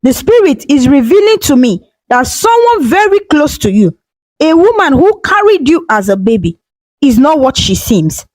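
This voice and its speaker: A woman's voice: high-pitched, big pitch swings, normal speed, a little mellow, dry recording, rough recording. A woman voicing a confident middle-aged male prophet who speaks with grave authority. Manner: grave, commanding pronouncements.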